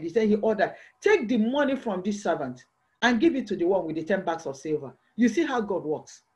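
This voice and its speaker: Preacher, church sermon, lively swooping pitch, emphatic repeated questions.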